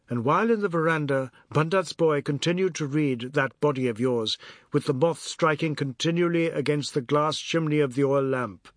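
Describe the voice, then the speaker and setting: A man narrating a novel in a measured storytelling manner. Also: a little high, no echo. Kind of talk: audiobook narration. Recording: dry close studio sound.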